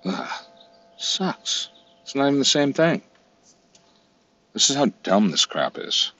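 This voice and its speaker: A husky, deep-voiced man rambles through exasperated, profanity-laced commentary as he browses. His voice is low but lively, leaping up and down in pitch. The recording sounds dull and lo-fi. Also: takes it slowly. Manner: swearing, exasperated, talks to himself. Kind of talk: casual commentary while browsing online.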